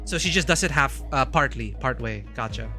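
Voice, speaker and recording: A chatty male streamer with a bright, expressive voice that lifts and falls readily. He talks casually to his chat while reading game text aloud, with soft music underneath. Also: mid-range voice, brisk. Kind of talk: casual live-stream commentary.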